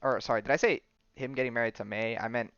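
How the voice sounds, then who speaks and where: A man hosting a podcast, casually recapping a comic book story with plenty of fillers and quick acted-out character lines. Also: medium pitch, fairly even intonation, fairly bright tone, clean tone, dry recording, highs cut off. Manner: rambling storytelling with many fillers, briefly acting out characters' lines. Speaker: podcast host.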